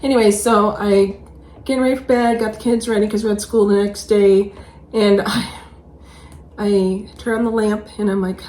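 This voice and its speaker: A middle-aged woman hosting a casual stitching chat, telling stories animatedly and acting out the voices with high squeals. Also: steady tone, moderate pace, a little mellow. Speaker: host. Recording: echoey room, faint background noise.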